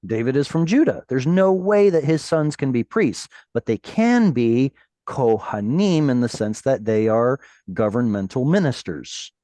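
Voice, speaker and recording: A man teaching a Hebrew class over a video call, patiently explaining words and reading verses slowly. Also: medium pitch, expressive, mellow, dry recording.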